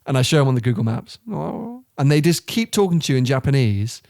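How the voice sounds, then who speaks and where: A young man, a podcast guest telling travel stories in an animated, laughing way. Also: mid-range voice, a little fast, gravelly, no room sound, studio quality. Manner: animated storyteller, laughs often. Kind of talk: casual chat.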